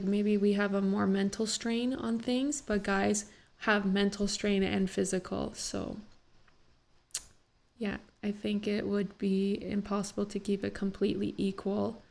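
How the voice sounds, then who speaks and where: A young woman rambles through a casual reaction vlog, her voice gravelly with fry. She is still teary after crying and fills her talk with "like.". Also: mid-range voice, darkish tone. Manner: emotional, rambling, many "like" fillers. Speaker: vlogger reacting to a talk show.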